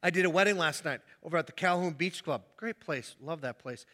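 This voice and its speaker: A man preaching a sermon in a lively, animated way, acting out little scenes in different voices. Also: on the high side, brisk. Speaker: pastor.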